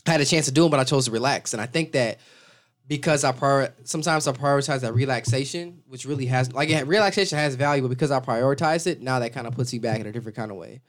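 A man's voice: mid-range voice, quick pace. A young man hosting a podcast, chatting casually in a rambling, laid-back way with casual swearing. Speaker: podcast host. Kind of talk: casual chat.

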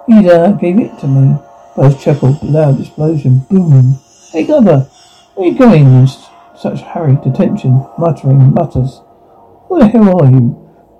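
A man's voice: a little high, gravelly, dark tone. A man reading all parts of a teen drama scene aloud, speaking the sound cues between the lines, on a dull lo-fi recording.

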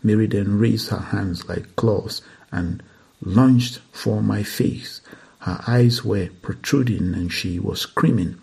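A man reading a first-person account aloud, in a steady, earnest manner with occasional slips. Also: lowish voice, slow pace, vocal fry, slightly rough. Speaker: reader.

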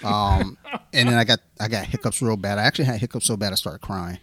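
A man hosting a casual podcast, telling a story with lively swearing. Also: on the low side, fast talker. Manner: animated storyteller, swears freely. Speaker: podcast host.

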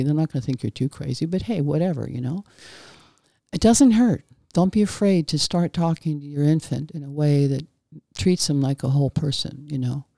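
A middle-aged woman, a former midwife, hosts a podcast and shares stories from her working life. Her voice is warm and low-key with a gravelly edge, and she often loops back and restarts her sentences. The sound is dry, with no room echo. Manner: meandering, frequent restarts and self-corrections; gentle, folksy and reassuring. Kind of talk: casual podcast monologue with anecdotes.

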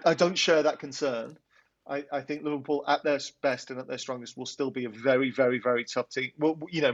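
A man co-hosting a football podcast, chatting casually with frequent restarts and reciting a rhyming recap with lively verse delivery. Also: medium pitch, creaky. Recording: dull lo-fi remote audio.

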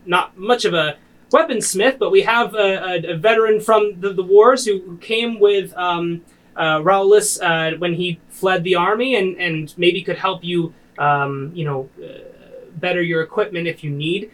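A man's voice: sits high, unhurried, fairly bright tone, rough recording. A man voicing a timid male village advisor who halts often with ums and uhs. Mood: eager, fumbling. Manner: hesitant, full of ums and uhs.

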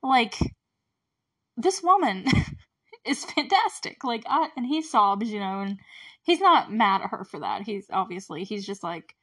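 A woman's voice: medium pitch, big pitch swings, measured pace, pushed and bright, no room sound. Chatty woman podcaster, mic a bit far. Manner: chatty and effusive, laughs often, quotes characters in brief put-on voices. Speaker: podcast host recapping a TV show. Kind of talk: casual solo podcast chat.

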